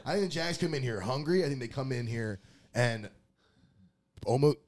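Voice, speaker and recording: A man's voice: mid-range voice, moderate pace, dry recording. A man co-hosting a casual sports betting podcast, joking and confident as he gives his picks. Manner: animated, jokey, confident. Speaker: co-host making sports picks.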